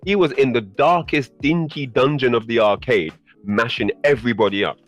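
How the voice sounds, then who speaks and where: A man guest on a podcast, telling a story in a casual, animated way and laughing often. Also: normal speed, faint music behind. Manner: animated, laughing, rising pitch when excited.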